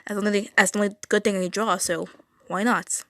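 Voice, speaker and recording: Teen girl streamer, mid-pitched, rambling and stuttering, dry close sound. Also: fairly even intonation, quick pace, dry recording. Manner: rambling, stuttering, self-correcting. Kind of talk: casual drawing livestream chat. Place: home room.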